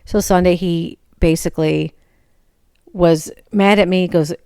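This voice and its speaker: A middle-aged woman tells a long, exasperated story in a casual, rambling way, with a gravelly edge running through her low voice. She often acts out what she said in a higher voice. The sound is dry and close, with no room behind it. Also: fairly even intonation, measured pace, darkish tone, dry recording.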